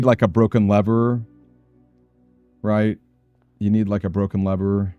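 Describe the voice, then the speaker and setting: A man's voice: lowish voice, flat delivery, unhurried, long pauses, dark tone, clean tone, no room sound, soft background music. A man playing a video game and thinking aloud, anxious and muttering to himself as he plans his moves. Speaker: gaming streamer. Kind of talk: let's play commentary.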